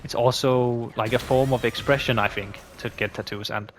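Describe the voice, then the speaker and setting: A man's voice: mid-range voice, fairly even intonation, moderate pace, slight background noise. Danish-accented man rambling through a Q&A. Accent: Danish, with a slight British tinge. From Denmark. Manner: rambling, with frequent restarts and fillers. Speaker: gaming YouTuber. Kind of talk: casual Q&A monologue.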